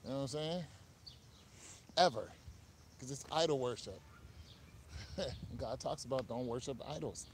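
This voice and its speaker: A talkative man runs his live stream in a loose, offhand way, his pitch sitting right in the middle. A faint hiss of noise runs behind him. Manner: talkative, animated, quick asides and laughs. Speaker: online show host. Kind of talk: casual live-stream chat.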